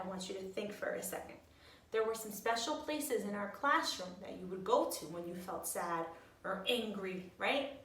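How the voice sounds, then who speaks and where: A woman teacher guiding young children through breathing exercises in a gentle, sing-song, encouraging way. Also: medium pitch, slight background noise. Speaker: preschool teacher. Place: room at home. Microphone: camera at a distance. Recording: echoey room, mic far off.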